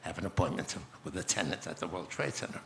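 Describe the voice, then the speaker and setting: A gravelly, deep-voiced man in his nineties. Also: lively intonation, slight background noise. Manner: unhurried, anecdotal, gently humorous. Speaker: guest speaker. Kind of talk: onstage interview storytelling. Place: conference stage.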